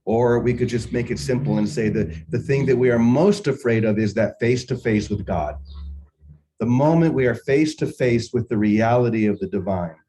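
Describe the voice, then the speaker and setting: An older man hosting a morning spiritual session, musing unhurriedly and telling a personal story with gentle humor. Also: mid-range voice, moderate pace, low-quality recording. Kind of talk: reflective spiritual talk with storytelling.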